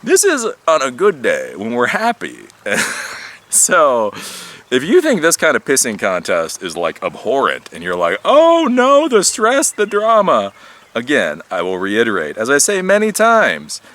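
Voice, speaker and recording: Animated rambling man talking outdoors. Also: mid-range voice, moderate pace. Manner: rambling, animated, swears casually, laughs often. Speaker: tech YouTuber. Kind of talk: casual monologue vlog.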